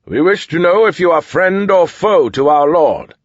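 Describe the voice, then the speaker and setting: A nervous, formal herald soldier speaks up high and loud, as a male narrator puts him on. The voice is husky and dry, with a dull, lo-fi sound. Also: animated, normal speed, dry recording.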